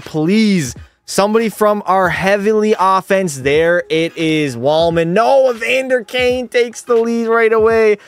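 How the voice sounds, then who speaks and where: A young man, commentating his own video game hockey match, excitable and yelling at bad plays. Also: high voice, smooth. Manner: excitable, yells in frustration at plays. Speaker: gaming YouTuber.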